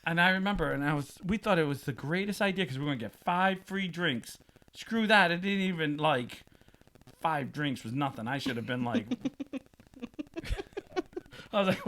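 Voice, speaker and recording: A man with a high, bright voice that swings widely as he tells a comic story on a casual podcast. He laughs often and puts on quick voices for the people in his tale. His delivery is animated and loose throughout. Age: adult, past twenties. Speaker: podcast host.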